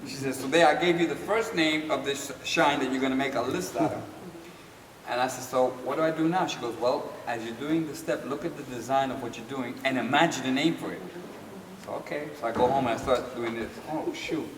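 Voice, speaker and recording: An older man tells a story to an audience, lively and laughing, acting out the voices of the people he quotes. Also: mid-range voice, a little fast. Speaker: dance teacher telling a story. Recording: echoey hall from far off with noise.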